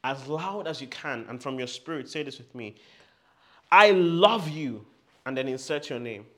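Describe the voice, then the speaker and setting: A man's voice: medium pitch, fairly quick. A man preaching a sermon and leading the listeners in spoken declarations. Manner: leads call-and-response declarations, growing loud and fervent.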